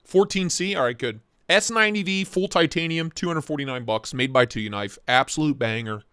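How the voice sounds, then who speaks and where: A young man hosting a casual knife livestream from his home office, excitable and joking as he reacts to chat. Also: fairly high pitch, brisk, clean tone, no echo, studio quality. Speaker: livestream host reviewing knives. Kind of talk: casual live-stream chat.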